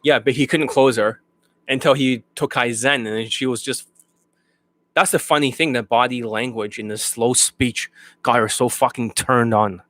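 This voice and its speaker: A man's voice: mid-range voice, fairly even intonation, normal speed, fairly bright tone, no echo. A man ranting as a dating coach, blunt and mocking, swearing constantly as he retells a student's story. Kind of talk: coaching rant.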